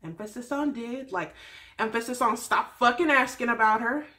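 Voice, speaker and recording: A woman's voice: a little high, normal speed, bright, forceful tone. A woman hosting a casual recap video, talking through a reality show in a chatty, blunt way with slangy, swearing asides. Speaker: YouTube recap host.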